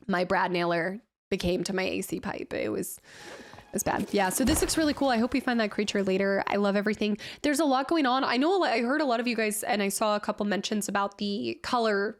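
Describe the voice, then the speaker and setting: A woman streamer reacting live in casual chat, talkative and quick to laugh at herself. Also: mid-range voice. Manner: chatty, laughs often, self-deprecating.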